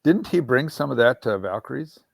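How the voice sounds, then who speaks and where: Gravelly man co-host, dry remarks. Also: medium pitch, animated, fairly quick, no echo. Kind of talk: casual chat.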